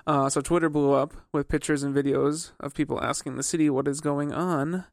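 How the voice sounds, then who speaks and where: A man's voice: fairly high pitch, fairly quick, vocal fry, no echo, clean studio sound. A young adult man co-hosting a podcast, joking and laughing while retelling news stories. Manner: joking, laughs often, relaxed. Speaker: podcast co-host. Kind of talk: casual chat, reading news stories.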